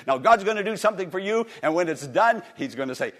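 A man's voice: a little high, very animated, fast talker, few pauses, a bit bright. A man preaching a sermon to a congregation, with impassioned swings in volume and repeated words. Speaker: pastor. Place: church service.

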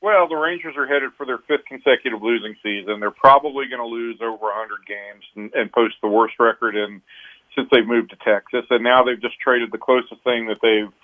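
A man's voice: medium pitch, a little fast. A man, a baseball reporter, analyzing a player in a radio phone interview, often restarting his sentences. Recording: tinny phone line.

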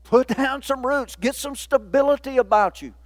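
A man's voice: very high voice, moderate pace, no echo. A man in his fifties preaching a folksy, playful sermon in a church, often laughing. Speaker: pastor.

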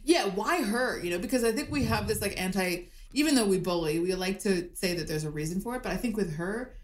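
A woman guest on a comedy podcast, talking over a video call with an animated, chatty storytelling manner full of fillers. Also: mid-range voice, brisk, roomy sound, slight background noise.

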